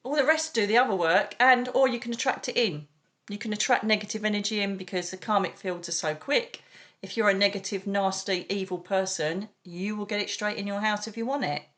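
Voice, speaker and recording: A middle-aged British woman, a psychic medium, talking in an animated, chatty way as an interview guest and calling people darling. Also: medium pitch, brisk. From United Kingdom. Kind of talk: casual interview chat.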